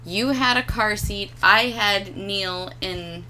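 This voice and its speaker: A woman co-hosting a casual chat, laughing often and trailing off softly at the ends of lines. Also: mid-range voice, slow, crowd noise. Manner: laughs often, drops soft and quiet at line ends. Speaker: podcast co-host.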